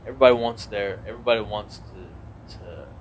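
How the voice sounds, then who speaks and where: A man in his thirties speaks in a somewhat low voice, earnest and rambling, circling back through restarts and fillers as he talks. It is a relaxed podcast conversation with faint background noise under his voice. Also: a little fast. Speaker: podcast guest, naval officer. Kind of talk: casual conversational interview.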